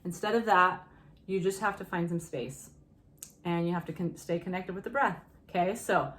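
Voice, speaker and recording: A woman's voice: on the low side, moderate pace, fairly bright tone. A woman teaching singing in a casual, encouraging way, often breaking into short sung hymn phrases. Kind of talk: casual vocal lesson with sung demonstrations.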